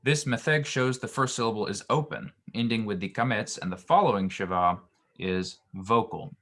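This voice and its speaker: A man's voice: lowish voice, moderate pace, a bit bright. A man teaching a Hebrew grammar lesson, explaining patiently with frequent ums and restarts.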